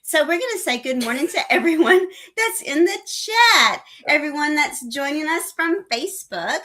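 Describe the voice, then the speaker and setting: A woman's voice: high-pitched, expressive, normal speed, sharp tone. A woman co-hosting a live morning cruise show, chatting casually, teasing and giggling often. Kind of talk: casual live-stream chat.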